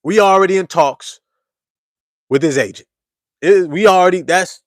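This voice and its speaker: A man riffs to his live chat on a basketball fan show. His voice sits a little high, and he swings from loud hype down to a low murmur, leaning on slang and repeated lines. The sound is dry and close. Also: normal speed, long pauses, no echo. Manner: slangy, repeats phrases for emphasis. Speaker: sports show host.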